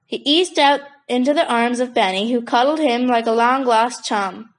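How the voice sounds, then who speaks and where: A woman narrating a children's book in a steady storytelling voice. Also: fairly high pitch, normal speed, low-quality recording. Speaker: audiobook narrator.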